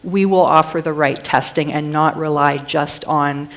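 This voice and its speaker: A woman with a fairly low voice speaks easily on a discussion panel. She is relaxed and conversational and drops in casual asides. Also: moderate pace. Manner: relaxed, chatty, with "you know" asides. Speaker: genetics panelist.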